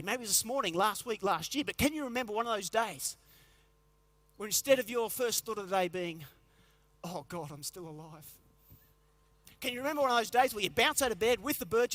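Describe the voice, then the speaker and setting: A middle-aged man gives a comic keynote speech, telling jokes and stories and slipping into quick character voices. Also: high-pitched, sharp tone, no room sound. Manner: storytelling with quick joke voices. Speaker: motivational speaker.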